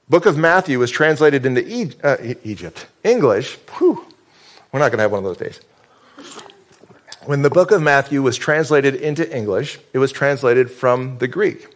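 A man's voice: medium pitch, lively intonation, measured pace. A man from upstate New York preaching a sermon as pastor, talking in a conversational, joking way and often restarting his sentences.

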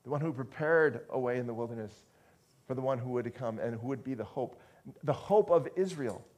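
A man's voice: medium pitch, brisk, darkish tone. A man preaching a conversational sermon to a congregation, often restarting phrases and asking the listeners questions. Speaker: pastor.

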